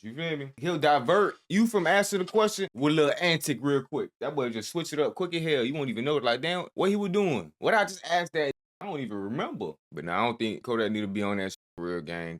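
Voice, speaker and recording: A man hosting a reaction video, chatting casually in heavy slang with bursts of disbelief. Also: medium pitch.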